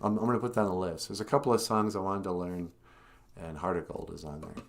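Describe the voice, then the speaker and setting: A man's voice: sits low, steady tone, fast, vocal fry. A man who cartoons and plays music, chatting casually on a live stream, rambling and laughing often.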